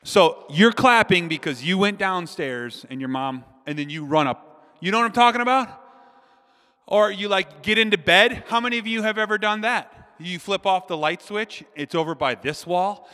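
A man's voice: high-pitched, moderate pace. A man in his forties preaching a sermon, telling a comic childhood story and speaking directly to the crowd. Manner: animated, addresses the crowd directly. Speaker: pastor. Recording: long hall reverb.

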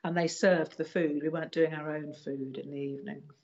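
A woman being interviewed, recalling past events in a hesitant, casual way with many pauses and restarts. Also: deep voice, fairly even intonation, darkish tone, highs cut off.

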